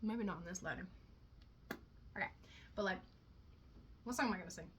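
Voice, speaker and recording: A woman's voice: lowish voice, a little fast, a little hiss or hum. A young woman vlogging in a casual, rambling way, swearing often and poking fun at herself. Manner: chatty, swears a lot, self-mocking asides.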